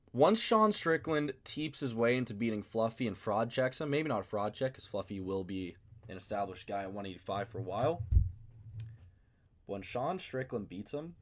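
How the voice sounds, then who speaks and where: Animated man rambling about fights. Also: mid-range voice, normal speed. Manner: rambling, animated, self-mocking. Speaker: MMA video host. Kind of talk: casual commentary vlog. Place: his basement.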